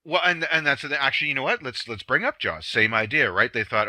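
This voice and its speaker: A man's voice: medium pitch, expressive, quick pace, sharp tone, no room sound. A man from Canada co-hosting a movie podcast, talking in a rambling, self-correcting way with frequent laughs. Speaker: podcast co-host. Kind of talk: casual movie podcast chat.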